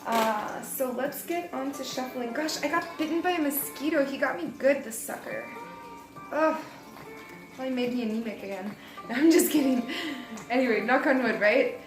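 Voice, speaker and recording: A woman's voice: sits high, normal speed, echoey room, over music, rough recording. A young adult woman giving a casual, rambling tarot reading, chatty and laughing at herself. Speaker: tarot reader.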